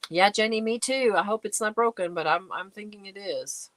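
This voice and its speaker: Her medium-pitched voice is fairly bright, and she talks at a moderate pace on a dry recording. She's a middle-aged livestream host in her home crafting space, casually chatting and answering the viewer comments she reads out.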